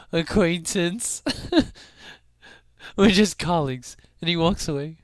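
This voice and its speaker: A man giving excited fan commentary on an animated show, emotional and often laughing. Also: a little high, slow pace, no echo.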